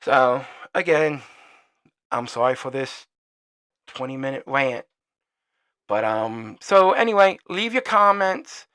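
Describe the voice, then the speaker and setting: A man hosts his own podcast alone and rants at a mid-range pitch. He is heated, swears freely and wanders off his point, restarting his sentences. When he signs off, he drops to a quieter, softer voice. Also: expressive, slow, pauses often. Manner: heated, profane and rambling; trails off quieter when signing off. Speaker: podcast host. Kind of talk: solo opinion rant.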